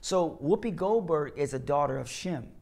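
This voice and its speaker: A man's voice: fairly high pitch, animated, normal speed, gravelly, a little mellow. A man, a comedian and actor, talking as an interview guest in an emphatic, repetitive, preaching way, often asking "you know what I'm saying". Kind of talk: casual interview talk, preaching tone.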